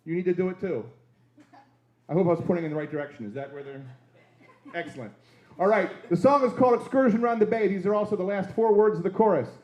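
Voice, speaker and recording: A man's voice: sits high, fast, darkish tone, highs cut off. A man fronting a band on stage, playfully bantering and coaxing the audience to join in. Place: gala event hall, livestreamed. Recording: echoey room.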